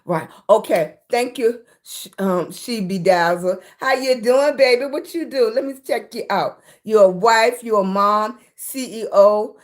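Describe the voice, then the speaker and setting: A woman's voice: medium pitch, unhurried, hardly any pauses. Chatty middle-aged woman livestreaming. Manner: chatty, greets viewers by name, calls them baby. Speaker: livestream host. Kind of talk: casual livestream chat. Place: her room at home.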